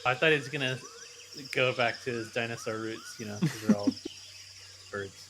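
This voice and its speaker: A man's voice: mid-range voice, normal speed, noisy background. A man playing a tabletop game, speaking playfully with frequent fillers and hesitations. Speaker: player. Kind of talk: tabletop role-play.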